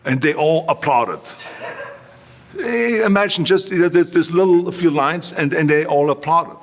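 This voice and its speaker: A man's voice: on the high side, a little slow. A man telling stories emphatically in an interview, repeating phrases. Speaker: guest. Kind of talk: storytelling interview.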